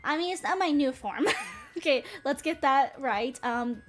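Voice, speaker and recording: A woman's voice: high voice, animated, a little slow, faint music behind. A young woman from North Carolina, a streamer chatting casually to her viewers in a bubbly, rambling way and often breaking into giggles.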